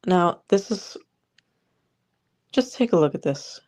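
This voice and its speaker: A woman's voice: fairly low pitch, animated, slow pace, a little mellow. A woman vlogger ranting sarcastically about politics straight to the viewer. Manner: sarcastic, exasperated, talks to the viewer.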